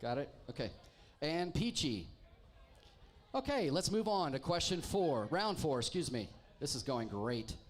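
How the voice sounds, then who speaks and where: Man, trivia host, bar crowd banter, wry jokes, slightly high voice. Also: very animated, a little slow. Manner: wry, joking, teasing the crowd. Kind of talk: live pub trivia hosting. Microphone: handheld microphone.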